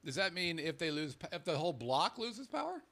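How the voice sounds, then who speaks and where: A man's voice: on the high side, very animated, brisk, fairly bright tone. A man co-hosting a casual podcast, joking, teasing and swearing freely. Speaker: podcast co-host. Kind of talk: casual chat.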